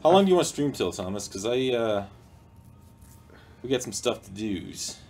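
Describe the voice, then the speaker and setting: A man's voice: fairly low pitch, sing-song, moderate pace, gravelly, a little mellow. Rambling playful male stream host. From United States. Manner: playful, rambling, reads chat aloud. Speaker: livestream host. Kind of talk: casual livestream chat. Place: indoor studio room.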